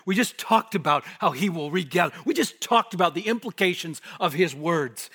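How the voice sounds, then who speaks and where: A man preaching an expository sermon, emphatic, rising to forceful bursts and dropping to hushed asides. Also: high-pitched, expressive, normal speed, hardly any pauses. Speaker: pastor. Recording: long hall reverb.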